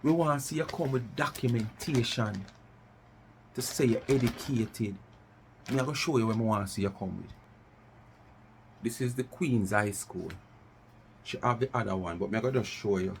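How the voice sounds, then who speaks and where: A man's voice: medium pitch, normal speed, long pauses, noisy background. A middle-aged Jamaican man from West Kingston ranting in commentary, challenging listeners with repeated rhetorical questions and slipping into patois. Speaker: vlogger.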